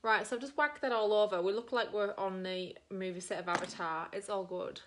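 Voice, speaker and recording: A woman's voice: medium pitch, fairly even intonation, brisk, slight background noise. A middle-aged woman with an Australian accent, doing her makeup on camera and telling a long rambling story full of fillers. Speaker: makeup vlogger.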